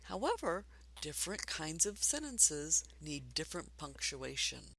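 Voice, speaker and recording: Slow, patient woman teaching reading. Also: low-pitched, very animated, fairly bright tone, no echo. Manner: encouraging, speaks slowly and clearly to beginners. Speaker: adult literacy teacher.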